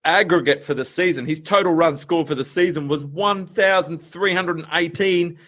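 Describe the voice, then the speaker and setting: A man's voice: on the high side, normal speed, a bit bright. An Australian man hosting a podcast, telling a story in a chatty, laughing way with plenty of fillers. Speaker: podcast host. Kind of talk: casual storytelling chat.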